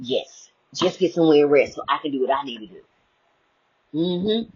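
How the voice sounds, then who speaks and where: Husky woman giving a spiritual pep talk. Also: deep voice, normal speed. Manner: lively, swings between hushed and exclaiming, laughs often. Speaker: inspirational speaker. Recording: muffled lo-fi audio.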